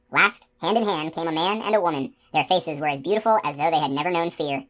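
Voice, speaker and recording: A woman narrating a fantasy novel aloud in a steady, expressive reading voice. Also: sits low, quick pace, hardly any pauses. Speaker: audiobook narrator. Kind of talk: scripted narration.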